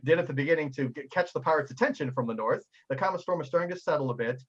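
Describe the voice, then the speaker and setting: A man's voice: fairly high pitch, racing, husky, dull audio. A man narrating as game master, rambling and laughing as he goes. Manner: rambling, laughing, full of restarts.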